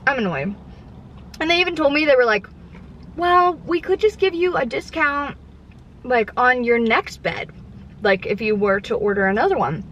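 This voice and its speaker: A woman vlogger chatting from her car, retelling a frustrating customer service story in an exasperated, animated way with quoted dialogue. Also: high-pitched, normal speed, a little hiss or hum. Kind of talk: casual storytime chat. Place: parked car. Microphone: camera mounted in car.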